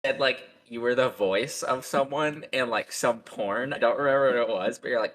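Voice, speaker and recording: A man's voice: medium pitch, normal speed, fairly bright tone, rough recording. A young man hosting a casual podcast chat, who rambles with lots of fillers, swearing and frequent laughter. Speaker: podcast host.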